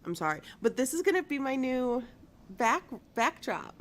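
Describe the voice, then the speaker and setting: A woman's voice: sits high, lively intonation, a little slow. A woman in her thirties hosting a casual live-streamed news show from a small studio, chatty and bubbly, with a stuffy nose. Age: 30s. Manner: chatty, bubbly, lots of fillers.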